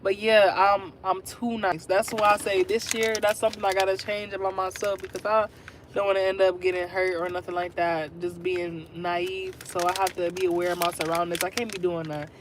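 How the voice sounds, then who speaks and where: A young woman in her twenties hosts a casual livestream. She sits at an ordinary mid pitch and tells a story straight to her viewers in a chatty way. Faint noise hums behind her. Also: little pitch movement, normal speed. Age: 20s. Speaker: livestream host.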